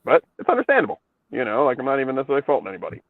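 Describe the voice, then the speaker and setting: A man's voice: mid-range voice, wildly swooping pitch, racing, no room sound. A man chatting loosely, full of ums and curse words, his voice squeezed into a thin phone-like band. The sound is dry and close, with no room around it. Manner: rambling, swears a lot, many fillers. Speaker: podcast co-host. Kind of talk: casual profane chat.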